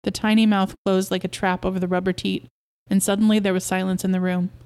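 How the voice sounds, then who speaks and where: A woman's voice: medium pitch, level tone, fast, darkish tone, clear, resonant tone. Woman reading a story aloud. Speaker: podcast host reading a story.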